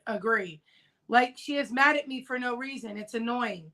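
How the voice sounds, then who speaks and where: A woman's voice: fairly high pitch, moderate pace, sharp tone, rough recording. A woman hosting a casual livestream discussion, talking emphatically and repeating her key points. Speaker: livestream host. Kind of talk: casual discussion of a news case.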